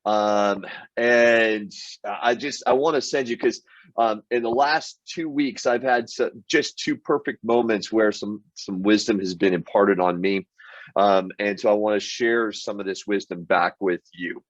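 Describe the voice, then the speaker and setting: Earnest low-voiced man telling motivational stories. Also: fairly even intonation, measured pace, no room sound, muffled recording. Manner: earnest, with frequent restarts and "um"s. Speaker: sales team leader and show host. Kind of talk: motivational storytelling monologue.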